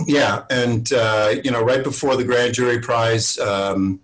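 Over a low-quality video call, a man in his sixties with a mid-range, steady voice speaks slowly as an actor guest in a casual interview. He shares showbiz stories full of swearing and performs others' lines loudly.

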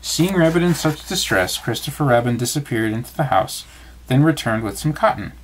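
A father reading a bedtime story aloud, calm and expressive. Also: mid-range voice, a little fast.

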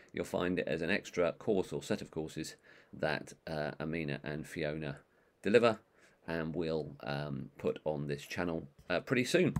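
A man giving an online training course, talking in a monotone with many ums and uhs. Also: low-pitched. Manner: monotone, calls his own voice that. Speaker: management trainer.

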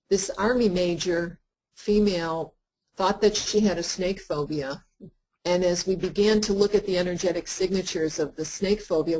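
A woman therapist lecturing to practitioners in an earnest, conversational way, with frequent pauses and fillers. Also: lowish voice, a little mellow, poor audio. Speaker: therapist teaching a workshop.

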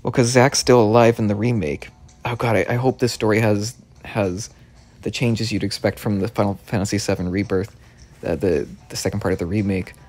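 A man giving excitable let's play commentary, stammering over his words and swearing often, with faint game music behind him. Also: on the low side, fairly quick. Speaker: gaming video creator.

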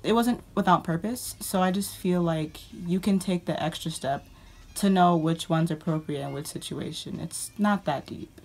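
A woman's voice: fairly low pitch, normal speed, darkish tone. A woman vlogger ranting about her pet peeves in a sarcastic, exasperated way. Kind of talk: ranting casual monologue.

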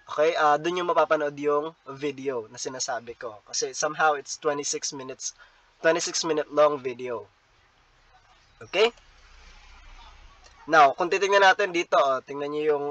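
A man's voice: on the high side, fairly bright tone, no echo, dull audio. A man with a Filipino accent teaching an online literature class, mixing English and Tagalog and often checking in with "no?" as he repeats key points. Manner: switches between English and Tagalog, frequent tag "no?".

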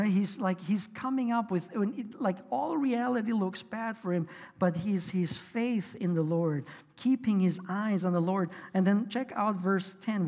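A man's voice: high-pitched, darkish tone, in a large hall. A pastor delivering a sermon in an earnest, conversational way, often restarting his sentences. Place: church sanctuary.

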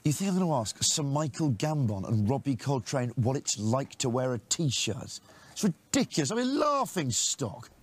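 A man's voice: mid-range voice, lively intonation, normal speed, a little mellow, breathy edge. A man hosting a jokey interview, bantering and stumbling through his questions.

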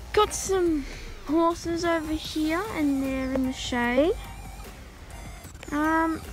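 Woman vlogger, high unhurried voice, rambly and casual, phone mic outdoors, background music playing. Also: low-quality recording. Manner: rambling, many ums. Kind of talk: casual vlog narration. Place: outdoors on a farm. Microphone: handheld phone camera.

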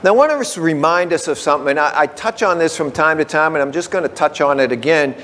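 A man delivering a relaxed, chatty sermon, his slightly raised voice ringing through a church with a long reverb. He talks in an easy, folksy way, then slows right down to read definitions one word at a time. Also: a little high. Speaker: pastor. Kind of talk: conversational sermon.

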